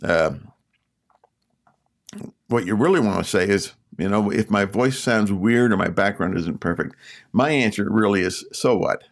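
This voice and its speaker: Older Canadian male host, low raspy voice, relaxed rambling advice-giver with a mild Canadian accent. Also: unhurried. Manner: rambling, many filler words and restarts. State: sore throat. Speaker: YouTube channel host. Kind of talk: casual advice talk.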